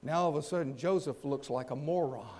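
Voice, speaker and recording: A man preaching a sermon, acting out the people in the story and swinging between loud and soft. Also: on the high side, brisk. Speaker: pastor.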